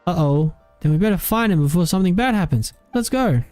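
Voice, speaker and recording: Man voicing a tiny fairy companion, female, excitable, very high chirpy voice, game sidekick. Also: brisk, no room sound, soft background music. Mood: excited. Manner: chirpy, high-pitched, speaks of herself by name.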